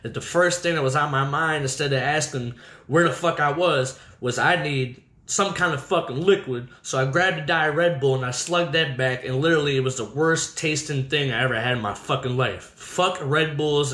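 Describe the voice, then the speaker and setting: A man hosting a podcast, telling his own story casually with constant swearing and an animated delivery. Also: mid-range voice, moderate pace, reverberant, rough recording. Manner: heavy swearing, animated retelling.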